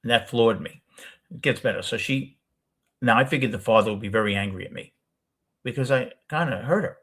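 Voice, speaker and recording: Older New York man, husky, rambling. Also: medium pitch, brisk, a bit bright. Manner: rambling, self-correcting storyteller. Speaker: host. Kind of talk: casual storytelling.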